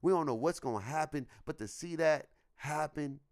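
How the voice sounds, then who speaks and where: A man's voice: fairly high pitch, normal speed. A young man on a podcast, telling a story in casual slang and acting out what people said. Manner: animated, slangy, acts out quotes. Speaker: podcast co-host.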